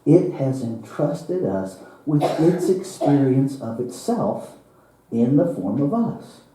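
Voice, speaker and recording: A man preaches a sermon at an unhurried pace, telling a parable with chuckles and sudden quiet moments. His voice is dark and mellow. It echoes strongly around a large hall and sounds set back from the mic. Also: medium pitch, big pitch swings, slight background noise. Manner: slow, dramatic parable telling with laughs and hushed drops. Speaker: minister. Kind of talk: sermon storytelling. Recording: roomy church hall, from far off.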